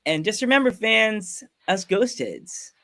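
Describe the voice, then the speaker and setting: Excitable guy hosting his podcast, bit higher pitched, lots of ums and likes. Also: a little slow. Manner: enthusiastic, rambling with fillers. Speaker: podcast host. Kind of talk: casual chat.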